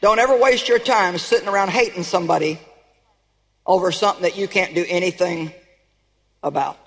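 A woman's voice: on the low side, brisk. Emphatic woman preaching in a big hall. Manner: emphatic, calls for audience response. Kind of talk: sermon. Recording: long reverb of a large hall.

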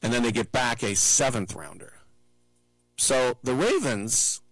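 A middle-aged man hosting a sports talk show, chatting casually and wandering into side stories with quick mimicked asides. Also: medium pitch, lively intonation, fairly bright tone, no echo, low-quality recording. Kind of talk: casual sports commentary monologue.

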